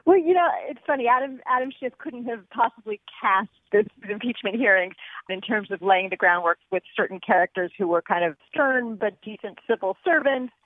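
A woman guest in casual chat, animated and laughing now and then. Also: medium pitch, moderate pace, no echo. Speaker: guest commentator. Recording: phone line.

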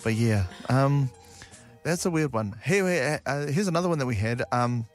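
Male radio co-host, New Zealand accent, average pitch, relaxed rambling studio chat. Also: normal speed, faint music behind. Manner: laid-back, rambling, says man a lot. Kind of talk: casual radio show chat.

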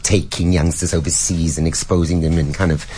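A South African man with a low, deep voice talks expressively in an interview. He livens his telling with quick impressions of the people he describes, in an easy, conversational way. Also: husky. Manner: expressive, slips into lively impressions of others. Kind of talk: animated interview talk.

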